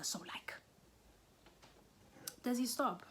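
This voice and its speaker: Animated young South African woman storyteller. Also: normal speed, slight background noise. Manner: animated storytelling, drops into whispers and shrill outbursts. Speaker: YouTuber. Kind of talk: storytime vlog.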